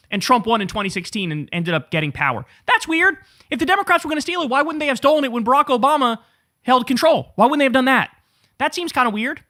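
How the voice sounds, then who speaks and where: A man with a high-pitched voice rants through political commentary, sarcastic and heavy on profanity. The sound is close and dry, with no room around it. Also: fairly bright tone, no room sound. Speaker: political talk show host.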